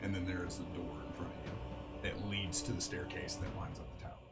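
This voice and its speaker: A man narrating as game master of a tabletop game, with a relaxed delivery full of fillers. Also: low voice, fast, distant mic. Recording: music bed, voice from off mic.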